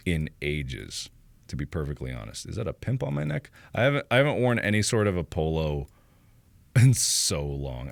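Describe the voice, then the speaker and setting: A man chats through a casual livestream, cracking jokes at his own expense. His voice is low and gravelly, and it swings widely in pitch. The sound is dry and close. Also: no echo. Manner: joking, self-mocking. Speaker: streamer.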